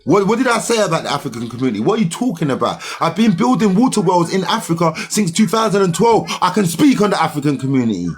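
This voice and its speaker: A man's voice: high voice, big pitch swings, fast, few pauses, soft background music. A young man, ranting heatedly at commenters on a livestream in slangy, argumentative talk.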